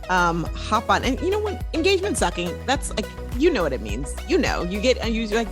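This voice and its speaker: A woman hosting a podcast, chatting casually and playfully, with quick asides. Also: medium pitch, huge pitch swings, music in the background. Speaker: podcast host.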